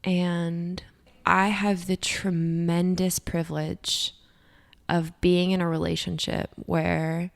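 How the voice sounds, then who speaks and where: A young woman speaks in a low, gravelly voice. She is co-hosting a podcast in casual chat. She talks candidly and with emphasis, swearing freely as she goes. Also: little pitch movement, slow pace. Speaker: podcast co-host.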